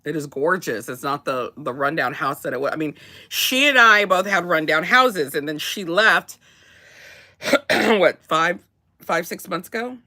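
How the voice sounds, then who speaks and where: Woman chatting over morning coffee, bright clear tone, lots of restarts and laughing. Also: sits low, expressive, unhurried. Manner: rambling with many restarts and laughs. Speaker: co-host. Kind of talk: casual chat.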